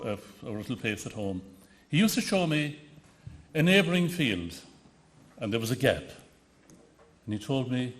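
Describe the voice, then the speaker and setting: A man from the west of Ireland with a Connemara accent gives an anecdotal tribute speech, often restarting and hesitating as he tells his stories. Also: medium pitch. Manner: storytelling with frequent restarts and hesitations. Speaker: award ceremony speaker.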